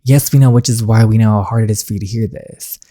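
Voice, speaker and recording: A woman's voice: rumbling low, steady tone, quick pace, dark tone. A woman voicing a stern, protective middle-aged king in a story game, reading the lines plainly. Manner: reads the lines plainly while playing.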